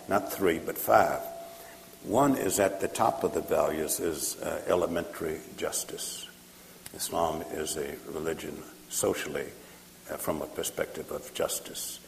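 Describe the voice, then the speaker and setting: A man giving a measured, point-by-point answer with many pauses and fillers, in a gravelly voice. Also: low voice. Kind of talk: lecture-style answer. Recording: echoey hall with faint noise.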